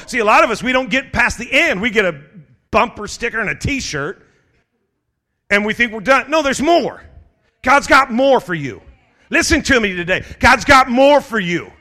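A middle-aged male pastor preaches with a high-pitched voice. He presses his listeners with urgent calls and builds to shouted exhortations. His tone is bright and forceful. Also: sing-song, normal speed, pauses often. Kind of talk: sermon.

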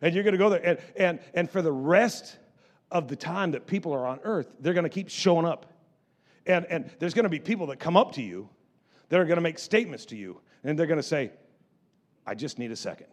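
A middle-aged man preaching a sermon in church, stammering through restarts and moving between quiet storytelling and loud exhortation. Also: fairly high pitch, animated, fairly quick. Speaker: pastor.

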